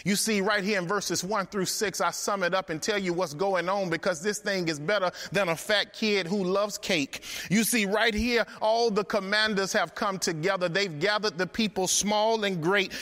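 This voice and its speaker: High bright-voiced man preaching. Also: long reverb tail. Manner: emphatic, rhythmic preaching with repeated phrases. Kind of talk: sermon.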